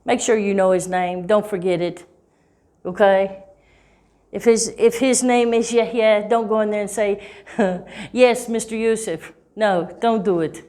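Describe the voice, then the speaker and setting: A woman teaching English at a very unhurried pace, drawing out key words as she speaks. She keeps checking in with the listener, tossing in "okay?" and "right?" between points. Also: mid-range voice, mellow. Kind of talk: slow, clear teaching talk.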